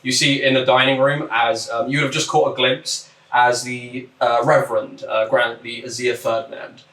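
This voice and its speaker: A man's voice: medium pitch, normal speed. Guy running a tabletop game, kinda far from the mic, echoey room, bit of hiss. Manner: relaxed, lots of ums and uhs. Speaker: game master. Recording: echoey room, distant mic, faint noise.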